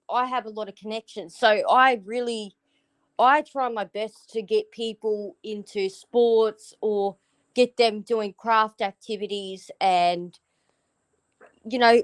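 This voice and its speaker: An Australian woman chatting frankly on her livestream, drifting off topic and cursing without a second thought. Her voice sits a little high and she takes her time with every phrase. The sound is close and dry, with no room around it. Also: fairly even intonation, slow, clear, resonant tone, no room sound, poor audio. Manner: frank, rambling, swears freely. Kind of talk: casual livestream chat.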